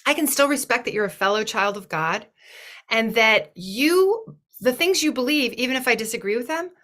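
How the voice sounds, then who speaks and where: Bright-voiced earnest woman speaker. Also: a little high, expressive, moderate pace. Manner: thoughtful, earnest, often restarts phrases. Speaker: webinar guest speaker. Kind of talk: reflective webinar talk.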